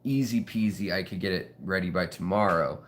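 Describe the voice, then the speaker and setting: A man's voice: sits low, normal speed. Rambling man hosting an aquarium chat. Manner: rambling, jokey, lots of fillers. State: out of breath. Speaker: aquarium channel host. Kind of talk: casual chat to camera. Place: indoors beside fish tanks at home.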